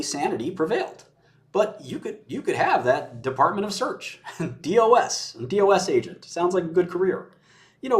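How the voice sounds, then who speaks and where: A man giving his views in casual conversation, blunt and sardonic, often laughing as he mocks. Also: a little high. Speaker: commentator. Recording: roomy echo.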